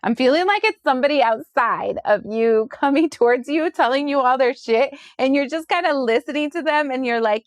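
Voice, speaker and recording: A woman giving a casual tarot reading, sassy and chatty, acting out other people's voices with big jumps in pitch. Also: normal speed, no room sound, clean studio sound. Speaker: tarot reader.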